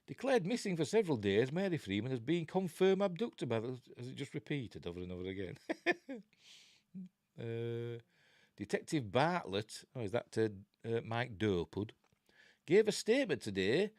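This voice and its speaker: A man's voice: medium pitch, no echo, studio quality. A middle-aged man with a Yorkshire accent, hosting a casual live film commentary with chatty, sarcastic asides. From Yorkshire, England. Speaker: film review host.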